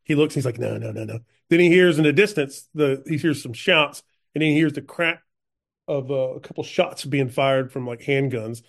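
A man narrating his own character's actions in a tabletop game, halting and full of fillers. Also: a little high. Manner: halting, filler-heavy storytelling. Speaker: player.

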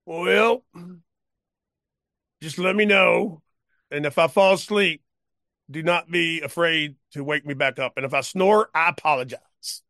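A man doing an old cowboy who's had too much to drink, pitched up high and twangy with a bright, edgy tone. He rambles in a halting drawl, friendly and unsteady, recorded close and dry in a tabletop game. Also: no room sound. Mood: conversational. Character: old drunk male cowpoke, rambling and friendly.

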